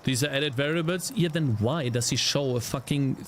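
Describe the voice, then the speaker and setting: A man's voice: mid-range voice, moderate pace, slight background noise. A young man streaming as a game developer, ranting in exasperation with heavy swearing and sighs. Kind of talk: live-stream commentary while coding.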